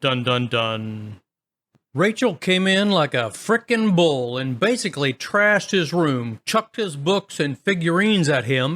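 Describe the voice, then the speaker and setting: Male storyteller, somewhat high voice, casual and wry. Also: fairly bright tone. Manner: wry, chatty storytelling with comments. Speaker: story narrator. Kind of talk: casual reading of online stories.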